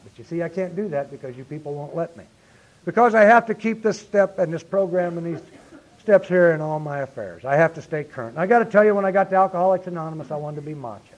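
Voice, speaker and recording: Middle aged guy sharing at a meeting, earnest and punchy, slightly high voice. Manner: earnest, rises to emphatic, repeats "you see". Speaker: speaker sharing his recovery story. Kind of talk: recovery meeting talk. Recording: lo-fi 1990s meeting tape.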